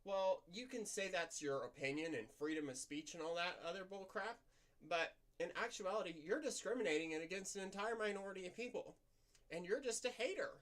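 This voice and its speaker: A woman venting in a candid personal vlog monologue, in a softened, practiced feminine voice that is slightly nasal, blunt and rambling with fillers. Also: mid-range voice, fairly quick. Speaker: vlogger.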